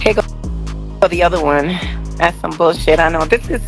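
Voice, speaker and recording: A woman's voice: on the low side, moderate pace, over music. A woman passenger filming herself on her phone, upset and teary, talking in a frustrated, confrontational, rambling way. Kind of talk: casual phone vlog.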